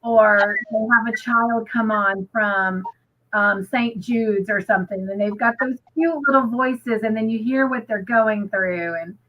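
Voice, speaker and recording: A woman with a fairly high voice co-hosts a crafting livestream, speaking unhurriedly amid slight background noise. She chats casually and emotionally, says "you know" a lot, and reads out viewer comments over muffled lo-fi stream audio.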